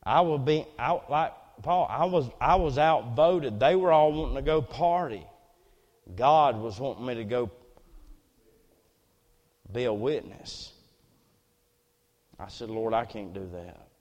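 A man preaching a sermon as personal testimony, earnest storytelling that drops to near hushes and rises again. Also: mid-range voice, slow, pauses often, long reverb tail, dull audio.

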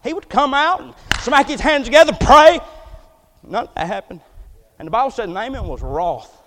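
Male pastor, very high voice, folksy and joking, builds to booming emphasis; long church-hall reverb. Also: animated, a little fast. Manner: folksy, joking preaching that swells to loud emphatic declaration. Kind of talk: sermon. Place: church sanctuary.

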